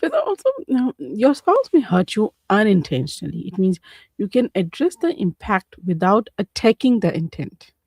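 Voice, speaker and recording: Female radio co-host, breathy voice, calm and measured, dry studio sound. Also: medium pitch, no echo. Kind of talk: casual radio talk with advice.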